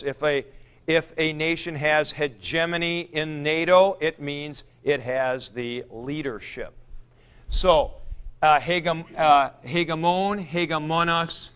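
Male Greek teacher, middle-aged, slow and clear, patient classroom lecture, a bit higher voice. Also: fairly bright tone. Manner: patient, explanatory, demonstrative.

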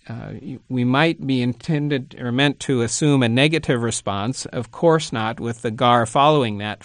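A man lecturing on biblical Greek at an unhurried, halting pace, often pausing with ums and uhs. He reads the Greek words slowly and carefully before explaining them, his voice sitting at an ordinary middle pitch. The recording is dry and close, with no room sound. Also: fairly bright tone, no room sound. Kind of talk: lecture reading a Greek text.

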